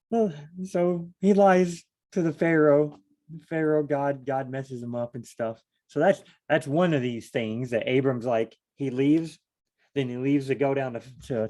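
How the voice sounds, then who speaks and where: A man's voice: medium pitch, a little mellow. A man leading a casual solo Bible study, thinking aloud in a rambling, self-deprecating way.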